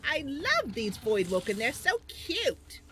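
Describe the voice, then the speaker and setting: A woman doing a high, squeaky voice for a summoned male stuffed bunny in a video game roleplay. He is sugary and delighted, gushing over everything, with a quiet hum of room sound behind him. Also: huge pitch swings, slow pace, exaggerated voice. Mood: gleeful.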